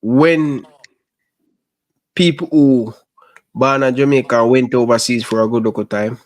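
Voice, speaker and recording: A man's voice: mid-range voice, steady tone, unhurried, a little mellow. A man hosting a casual podcast chat, prompting his guest with short questions. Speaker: podcast host.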